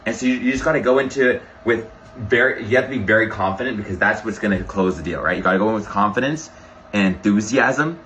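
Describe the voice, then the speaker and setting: Fast-talking, bright-voiced male sales coach. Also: fairly low pitch, a little hiss or hum, rough recording. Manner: energetic, keeps asking "right?". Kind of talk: coaching session.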